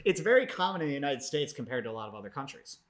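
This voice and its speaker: A man co-hosting a casual chat podcast, bantering and teasing with quick reactions. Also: medium pitch, very animated, fairly bright tone. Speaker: podcast co-host.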